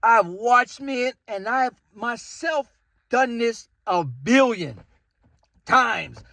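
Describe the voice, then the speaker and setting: Animated high-voiced man telling a story. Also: extremely slow, gravelly, no echo. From Chicago area. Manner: animated, jumps into quoted voices. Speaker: vlogger. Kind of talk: casual storytelling rant.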